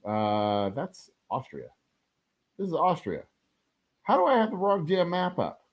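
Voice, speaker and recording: A man's voice: on the high side, sing-song, measured pace. A man hosting a live stream of a strategy game, chatting casually, rambling through jokey asides and the odd swear. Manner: rambling, joking asides, frequent fillers. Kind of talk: casual live gameplay commentary. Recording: dull lo-fi sound.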